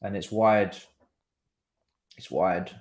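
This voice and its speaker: A man streaming a live football watchalong, talking excitedly in slang and thinking aloud. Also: deep voice, slow pace.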